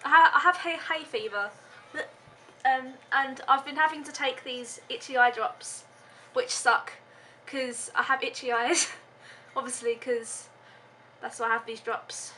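Giggly high-voiced young woman rambling. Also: fairly even intonation, measured pace, bright, forceful tone, slight background noise. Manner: giggly, scattered, hesitant with many ums. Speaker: vlogger. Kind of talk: casual rambling vlog.

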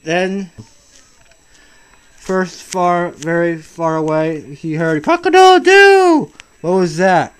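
Dad reading a storybook to his kid: gentle, halting, slightly high voice, unhurried. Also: flat delivery, clean tone. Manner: soft, patient, halting, with frequent restarts. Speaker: father reading to his child. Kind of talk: reading a picture book aloud to a child.

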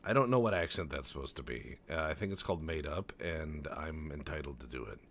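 A man's voice: extremely low pitch, expressive, brisk, a bit bright, a little hiss or hum. A man doing rambling, profane, jokey let's-play commentary over a strategy game, tossing in goofy voices. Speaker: gaming channel host.

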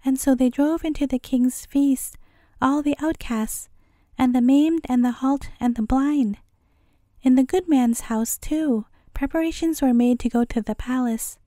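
A woman reading a fairy tale aloud as a bedtime story, in a calm and measured way. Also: high-pitched, no echo, studio quality.

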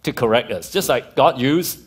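Lively Malaysian pastor preaching. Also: male voice, mid-range voice, normal speed. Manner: lively storytelling with laughs and acted-out quotes. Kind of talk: sermon.

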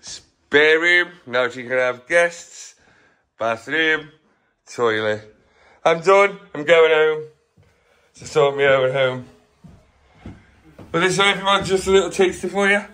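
Man, bright forceful tone, upbeat slangy walkthrough vlog talking straight to viewers. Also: on the high side, slow, pauses often, clean tone. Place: house being renovated, then walking outdoors.

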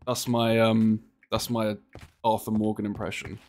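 A young man, chatting casually and joking while playing a game, often swearing and getting excited. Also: lowish voice, unhurried. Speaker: gaming streamer.

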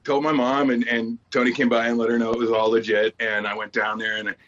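A man in his forties, a podcast guest, telling a story in a lively, stand-up style and slipping into voices for the people in it. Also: medium pitch, brisk. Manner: animated storyteller, jumps into voices for quoted people. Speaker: guest actor. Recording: slightly dull lo-fi audio.

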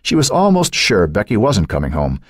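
A man narrating a thriller audiobook in an expressive, suspenseful reading. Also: lowish voice, brisk, no room sound, studio quality.

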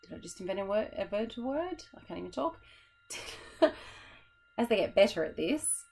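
A woman's voice: mid-range voice, big pitch swings, moderate pace, gravelly, a little mellow, husky, rough recording. A young woman teacher, explaining a classroom method in a chatty, tired way and laughing at herself.

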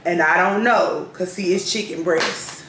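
A woman's voice: fairly low pitch, measured pace, a bit bright. A young woman, chatting casually to her viewers in a rambling vlog at home. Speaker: vlogger. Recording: echoey room with clear background noise.

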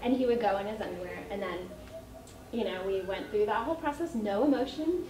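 A woman's voice: medium pitch, a little fast. A middle-aged woman, an early childhood educator, telling potty-training stories to parents in a chatty way with laughter. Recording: echoey room, mic at a distance.

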